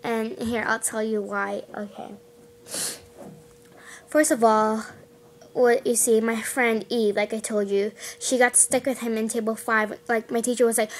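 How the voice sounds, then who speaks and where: A woman's voice: a little high, level tone, moderate pace, fairly bright tone. A girl vlogging casually, rambling and giggling as she talks about her classmates. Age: young girl. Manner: chatty, giggly, rambling with restarts. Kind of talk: casual chat to camera.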